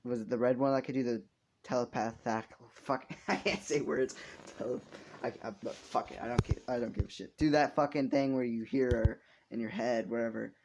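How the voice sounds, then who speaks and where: A man's voice: medium pitch, fairly even intonation, moderate pace, a little mellow, slight background noise. A young man casually making up a story as he goes, rambling, swearing often and laughing at his own jokes.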